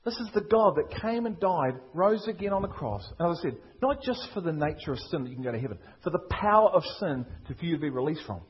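A man's voice: on the high side, lively intonation, fast talker, few pauses, slightly rough, highs cut off. A man with a Liverpool accent preaching a sermon, emphatic and full of rhetorical questions. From England. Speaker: pastor.

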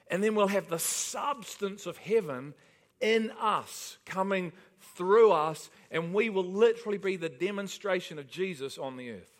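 A man's voice: sits high, fairly bright tone. A man pastor delivering an emphatic sermon, often asking the congregation rhetorical questions.

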